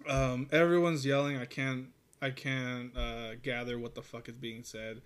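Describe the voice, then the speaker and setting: A man in relaxed casual conversation tells a long, rambling story, peppered with curses and laughs. His voice sits at a middling pitch. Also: moderate pace, few pauses, smooth. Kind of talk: casual chat.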